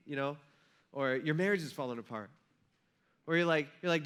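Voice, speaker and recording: Male pastor, bright, slightly high voice, casual conversational sermon delivery. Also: a little fast, long pauses, clear, resonant tone. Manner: conversational, acts out quotes with rising intensity. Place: church sanctuary.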